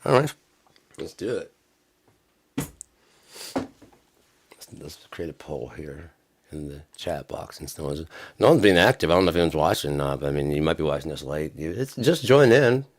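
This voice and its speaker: A man chatting on a live stream about music practice, rambling and sarcastic, sometimes breaking into mock-angry yelling. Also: rumbling low, very animated, moderate pace, pauses often.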